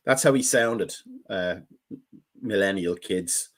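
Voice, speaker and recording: A man's voice: on the high side, sing-song, fairly quick, a bit bright. A man co-hosting a football watchalong, cracking dry jokes about the match. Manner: dry wisecracks, slips into mock voices. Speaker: watchalong co-host. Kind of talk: casual match commentary chat.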